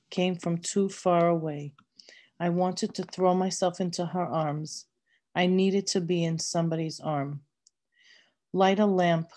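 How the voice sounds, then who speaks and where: Slow, mellow woman reading a novel. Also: on the low side. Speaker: reader.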